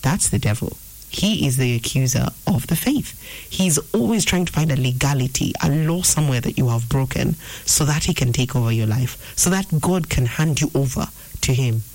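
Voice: medium pitch, lively intonation, normal speed, a little mellow, no room sound, rough recording. A preacher teaching an informal sermon, earnest and repeating phrases for emphasis. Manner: acts out inner voices in quotes. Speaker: preacher answering a viewer question.

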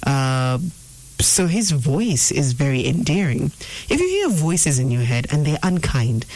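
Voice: medium pitch, very animated, measured pace, a little mellow, rough recording. A preacher teaching an informal sermon, earnest and repeating phrases for emphasis. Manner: acts out inner voices in quotes. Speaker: preacher answering a viewer question.

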